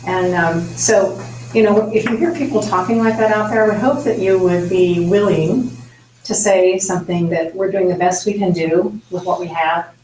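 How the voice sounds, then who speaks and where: A woman's voice: lowish voice, moderate pace, darkish tone, distant mic, slight background noise. Plainspoken woman in a roomy meeting hall. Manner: plainspoken, defensive. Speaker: county commissioner. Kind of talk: public meeting speech.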